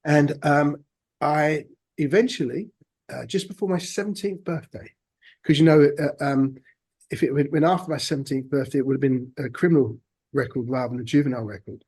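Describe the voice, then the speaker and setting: A man, a podcast guest telling his own story in a halting, reflective way. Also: a little high, a little mellow, slightly rough. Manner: halting, reflective, many restarts. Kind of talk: personal storytelling interview.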